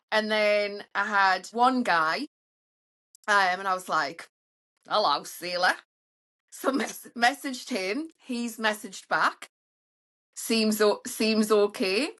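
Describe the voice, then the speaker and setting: Woman, middle-aged, cheeky group-chat storyteller, bright voice. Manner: cheeky storyteller, acts out quotes in high voices. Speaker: panel member.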